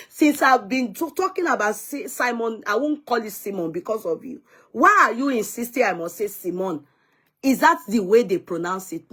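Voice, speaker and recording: A woman's voice: a little high, lively intonation, normal speed, fairly bright tone. A Nigerian woman vlogger chatting casually to her viewers, answering commenters and slipping in Yoruba phrases.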